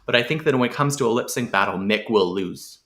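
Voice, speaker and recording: A man co-hosting a podcast in casual chat, enthusiastic and quick to jump into the news. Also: medium pitch, fairly bright tone. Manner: chatty and enthusiastic. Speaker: podcast co-host.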